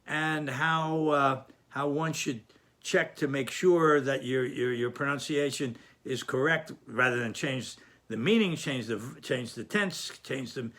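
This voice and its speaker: A man's voice: mid-range voice, unhurried, fairly bright tone. A man teaching a lesson, patient and explanatory, often repeating and restarting phrases. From Sephardic Jewish community.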